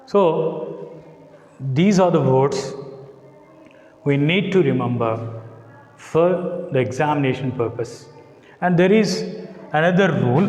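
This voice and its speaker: Slow, deliberate male teacher in an echoey classroom. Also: fairly high pitch, darkish tone. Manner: slow, deliberate, spells out letters and repeats words. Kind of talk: classroom lecture. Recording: echoey classroom, long reverb.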